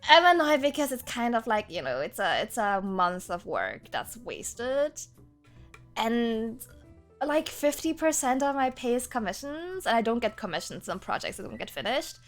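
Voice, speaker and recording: Woman streamer, casual chat with viewers, high bouncy voice, soft music playing underneath. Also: moderate pace. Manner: animated, laughs often, rambling restarts.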